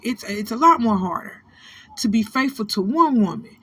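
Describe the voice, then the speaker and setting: A woman's voice: on the high side, lively intonation, normal speed, sharp tone, slightly rough. A woman in her thirties hosting a celebrity gossip channel, scolding famous people directly in a preachy, profane, no-nonsense way. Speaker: host of a gossip commentary channel. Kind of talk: blunt celebrity gossip commentary.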